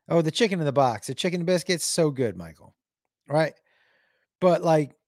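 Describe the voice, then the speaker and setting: A man's voice: a little high, big pitch swings, moderate pace, no echo, studio quality. A man telling a rambling, profane comedy story on a livestream, often laughing and greeting viewers by name. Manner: rambling, profane, reads chat names aloud.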